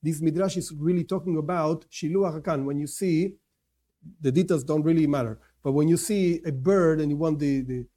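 With a mellow voice on the high side and a moderate pace, a male Torah teacher instructs non-Jews in a religious lesson. He stresses his points emphatically, repeating himself often and revising his words mid-sentence.

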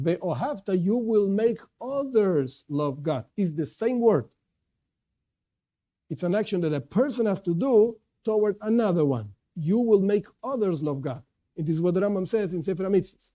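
Male lecturer, religious class, earnest and emphatic, voice pitched somewhat high. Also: mellow. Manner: earnest, stresses key words, repeats and restarts. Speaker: Torah teacher.

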